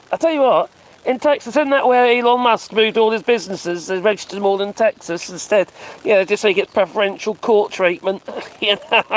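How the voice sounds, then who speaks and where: A man's voice: sits high, fairly bright tone, slight background noise, rough recording. A man doing casual live-stream commentary on his phone, mocking and sarcastic, swearing and chuckling as he reacts.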